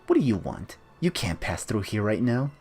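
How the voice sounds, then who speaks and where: A rude young gang guard, read aloud by a man brushes people off with a snappy, dismissive tone. The voice stays low and a touch raised, like a casual player reading game text. Faint game music plays behind. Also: sing-song, normal speed, a little mellow, husky. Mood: snippy.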